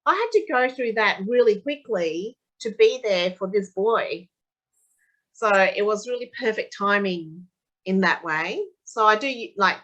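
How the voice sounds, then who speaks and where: A woman, a tapping practitioner, talking casually as a guest and telling animated stories. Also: mid-range voice, lo-fi sound. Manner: animated storyteller, acts out quotes of her son. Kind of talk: casual conversational interview.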